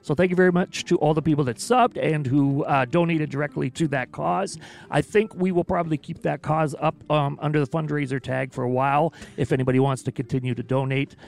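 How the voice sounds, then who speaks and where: Guy co-hosting a stream, kinda high voice with gravel in it, jokey and chatty. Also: fairly even intonation, brisk, a little mellow. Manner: chatty, jokey, lots of fillers. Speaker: stream co-host. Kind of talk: casual stream announcements.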